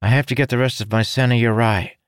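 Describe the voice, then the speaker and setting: A man voicing a brisk, practical young woman warrior in a storybook reading. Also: medium pitch, fairly even intonation, clean tone, no room sound, clean studio sound, pitched above the performer's own voice, natural voice. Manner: brisk, direct commands.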